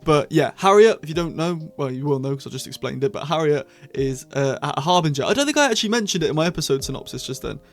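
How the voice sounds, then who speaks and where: A young man reviewing a TV series to camera in a chatty, rambling way with bursts of excitement. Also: a little high, quick pace, few pauses, soft background music. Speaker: TV show reviewer. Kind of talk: casual scripted review to camera.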